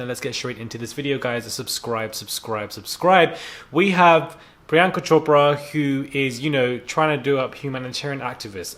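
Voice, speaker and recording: A vlogger delivers an irritated, heated rant straight to camera. His voice sits at an ordinary middle pitch. He doubles back on words and leans on fillers as he builds his case. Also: a bit bright. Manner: annoyed, heated, repeats himself with fillers. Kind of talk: ranting commentary to camera.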